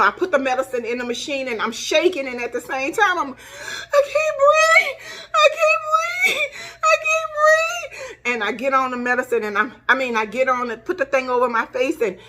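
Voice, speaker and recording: A woman's voice: fairly high pitch, a little fast, pushed and bright, slight background noise. A middle-aged woman tells a personal story to camera, emotional, acting out gasps and cries as she recalls them. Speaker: vlogger.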